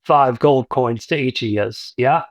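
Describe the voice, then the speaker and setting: A man's voice: mid-range voice, measured pace, no room sound, natural voice. A blunt, streetwise orc who deals on a street corner, as a game master puts him on. He has a mid-range male voice and sounds close and dry in the recording. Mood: businesslike.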